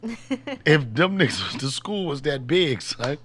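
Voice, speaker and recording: A man's voice: on the high side, sing-song, slow, a bit bright, a little hiss or hum. A man in his fifties hosting a podcast, telling loose, slangy, joking stories in a casual chat. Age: 50s. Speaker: podcast host and comedian.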